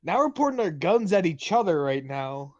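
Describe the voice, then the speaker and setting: A man hosting a comedy podcast, swearing freely in crude, lively banter. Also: sits high, normal speed, no echo, lo-fi sound. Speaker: podcast host. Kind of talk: casual comedic chat.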